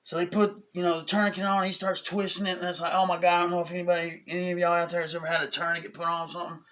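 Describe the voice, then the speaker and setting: A man, telling a personal story in a casual, animated way, often asking "you know what I'm saying?". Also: high voice, very fast. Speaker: vlogger.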